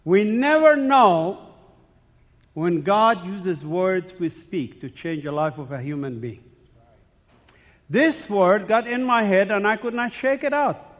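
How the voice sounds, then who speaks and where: A man with a high voice gives a personal testimony as a sermon, telling his story in short, emphatic, dramatic phrases. His voice rings with the long reverb of a large hall. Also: lively intonation, slow pace. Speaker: speaker giving a personal testimony.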